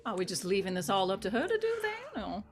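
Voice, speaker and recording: A woman's voice: mid-range voice, huge pitch swings, quick pace, over music. A woman playing in a tabletop game, joking casually with the group. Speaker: player.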